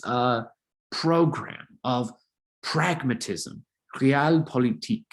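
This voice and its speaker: Male history teacher, lively pitch, casual lecture with jokey asides. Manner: animated, conversational, jokey asides.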